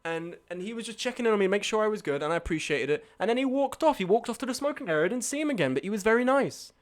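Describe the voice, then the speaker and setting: A man's voice: high voice, animated, racing. A young man telling a night-out story on a live stream, swearing and arguing back at his chat. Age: young adult.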